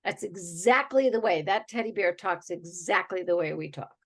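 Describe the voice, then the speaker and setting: A woman's voice: fairly low pitch, expressive, normal speed. A woman with a Boston-area accent hosting a podcast, chatting in a playful, teasing way. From New England. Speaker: podcast host. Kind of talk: casual chat.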